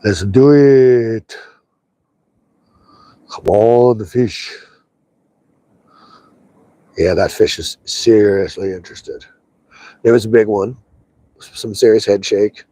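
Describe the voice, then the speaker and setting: A man of ordinary pitch chats his way through a fishing trip outdoors by a river. He mutters to himself and coaxes the fish in a loose, rambling livestream manner. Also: darkish tone, dry recording. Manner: chatty, talks to himself and the fish. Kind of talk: casual live commentary while fishing.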